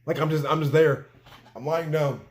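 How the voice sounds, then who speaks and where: A young man telling a storytime vlog, excitable and slangy, repeating filler phrases and acting out quoted dialogue. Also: fairly high pitch, normal speed, a little hiss or hum.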